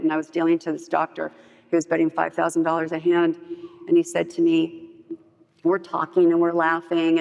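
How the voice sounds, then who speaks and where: A middle-aged woman telling her personal story at a recovery meeting, animated and acting out what people said to her. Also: lowish voice, gravelly, highs cut off. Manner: animated storytelling, acts out quotes. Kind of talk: personal story told to a group. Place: meeting hall. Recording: long reverb of a hall.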